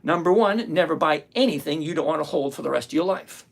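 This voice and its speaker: A retired older host runs a live investing stream, chatting straight to the camera and firing back at viewer comments. The voice is gravelly and sits at a middle pitch. The delivery is blunt and sarcastic, and the host repeats phrases over and over to drive each point home. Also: animated, fast.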